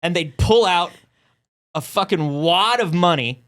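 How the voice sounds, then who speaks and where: A man's voice: high voice, unhurried. A man co-hosting a casual talk show, telling a long funny story and acting out the voices of the people in it. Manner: animated storyteller, acts out quoted voices. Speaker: podcast co-host.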